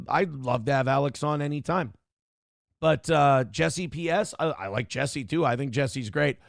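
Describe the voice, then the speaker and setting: Brief: middle-aged male streamer, blunt and profane, slightly high gravelly voice. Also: no room sound, clean studio sound. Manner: blunt, ranting, swears freely. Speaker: streamer host reading chat. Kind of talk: casual livestream commentary.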